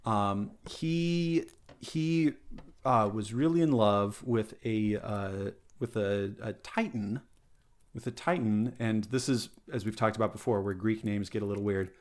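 A man's voice: fairly low pitch, unhurried. A man chatting casually on a podcast, explaining eagerly with many fillers and restarts. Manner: enthusiastic, rambling, lots of fillers.

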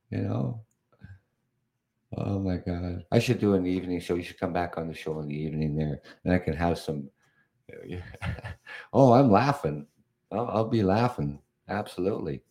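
A fairly low-pitched voice with vocal fry and a darkish tone belongs to a man in his fifties from Canada. As host of a casual live podcast, he rambles and restarts, chuckling frequently and sounding exasperated in his live-show talk.

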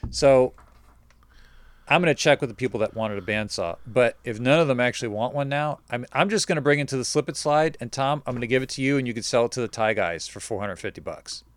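A man's voice: medium pitch, fast talker, dry recording. A man hosting a casual show, telling a rambling story full of quoted back-and-forth dialogue.

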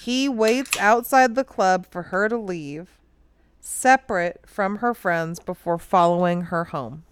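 A woman's voice: on the low side, slow pace, slight background noise. A woman co-hosting a casual true-crime podcast at home, telling the story animatedly, swearing freely and laughing often. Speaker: podcast co-host.

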